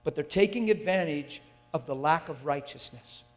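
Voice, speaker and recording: Male preacher, high-ish voice, fiery and emphatic, long hall reverb on the mic. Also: normal speed. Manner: intense and emphatic, with rhetorical questions to the audience. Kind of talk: sermon. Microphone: handheld or stand mic.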